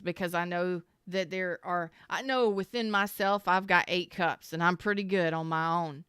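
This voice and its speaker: A woman with a fairly low voice gives a casual tarot reading, speaking earnestly and emotionally as she addresses the listener head-on. Her voice is exceptionally clear and smooth, and the recording is dry and close, with no room sound. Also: fairly even intonation, moderate pace, few pauses, fairly bright tone, no echo. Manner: emotional, earnest, talks straight to the listener with frequent sighs and repeats; informal, swears now and then. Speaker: tarot reader.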